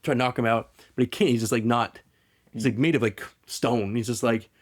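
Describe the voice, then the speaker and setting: Fast-talking, rambling male podcast host. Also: mid-range voice. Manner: rambling, animated, full of "like" and restarts. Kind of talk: casual chat retelling a story.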